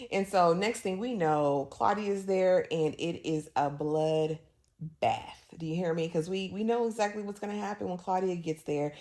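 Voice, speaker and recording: Sassy woman recapping with a lowish voice. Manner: sassy, animated, acts out characters' lines. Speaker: host recapping a TV episode. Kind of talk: casual recap talk.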